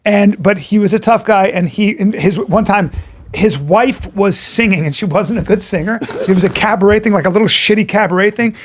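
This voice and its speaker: A middle-aged man, a podcast co-host telling stories in casual chat, animated and profane, acting out the people in them. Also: sits high, normal speed.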